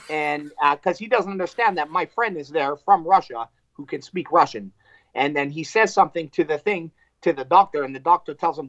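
A man, a fighter, telling a fight story in casual chat, animated and profane, acting out what people said. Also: a little high, normal speed, no echo, dull audio. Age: adult with wife and two kids. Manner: animated, profane, acts out quotes.

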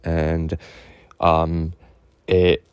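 A man telling a personal story in a halting, earnest way, full of fillers and restarts, openly emotional. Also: sits low, completely flat delivery, a little mellow, smooth, no room sound.

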